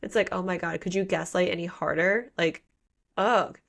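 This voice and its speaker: A woman's voice: on the low side, moderate pace, creaky, fairly bright tone. A woman co-hosting a book podcast, recapping the plot in a chatty, slangy, playful way. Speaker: podcast co-host. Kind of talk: casual book recap chat.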